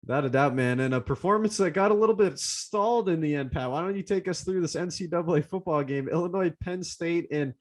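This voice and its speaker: A man's voice: a little high, fairly quick, few pauses. A young man co-hosting a sports podcast, casually steering the talk to the next topic with enthusiasm. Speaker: podcast co-host.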